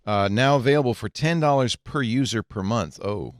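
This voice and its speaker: A man's voice: mid-range voice, moderate pace, dry recording, clean studio sound. An older man hosting a casual tech podcast, reading headlines aloud and adding joking asides. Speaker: podcast host.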